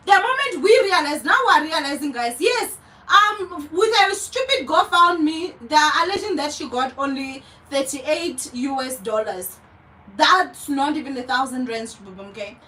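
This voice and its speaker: South African woman, young vlogger, very high, sharp voice, furious profane rant, mic a bit distant. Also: animated, unhurried. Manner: heated, profane, repeats herself for emphasis. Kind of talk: angry commentary rant.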